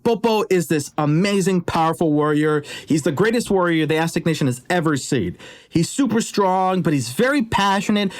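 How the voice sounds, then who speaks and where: A man retelling a legend in a casual, conversational way with jokey asides. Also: high-pitched. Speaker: storyteller. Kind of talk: casual storytelling.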